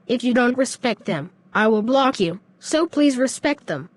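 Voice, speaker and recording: A synthetic female voice reading a video script in a flat, even way. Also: a little high, unhurried. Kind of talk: text-to-speech narration.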